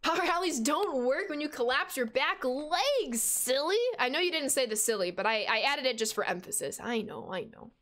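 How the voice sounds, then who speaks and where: A young woman in her twenties streaming a baseball video game, chatting with viewers and reacting with sudden excited squeals. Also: high voice, normal speed, hardly any pauses, slight background noise. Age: 20s. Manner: chatty, reads out and answers chat while playing. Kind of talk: casual game stream chat.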